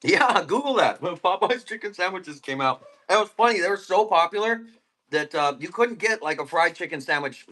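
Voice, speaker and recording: A man's voice: sits high, lively intonation, normal speed, pushed and bright. A man selling plants on a live stream, chatting casually and rambling between topics while eating. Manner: rambling, laid-back, eating while talking.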